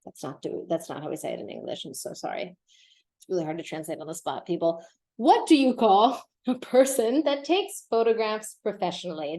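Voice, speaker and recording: Brief: female podcast host teaching Spanish, lively, drills pronunciation. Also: medium pitch. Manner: lively, repeats words slowly to model pronunciation. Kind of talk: casual podcast lesson.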